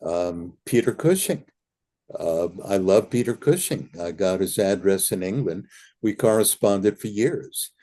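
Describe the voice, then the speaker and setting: Older guy reminiscing, deep low voice, earnest storyteller. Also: expressive, measured pace, mellow. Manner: earnest storyteller who acts out remembered dialogue. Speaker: interview guest. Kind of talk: reminiscing anecdotes.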